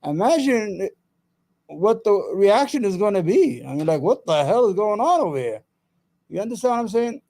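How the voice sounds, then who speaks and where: Male livestream host, fairly high voice, fired-up profane rant with casual banter to chat. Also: big pitch swings, moderate pace, warm tone. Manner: heated, profane, repeats himself; chatty asides to viewers. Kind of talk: ranting political commentary.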